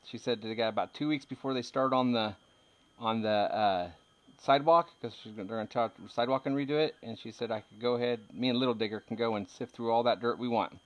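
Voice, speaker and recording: Speaking quickly at a medium pitch, this thirtysomething man shows his metal detecting finds in a relaxed chat. He rambles, jokes around, and laughs a lot.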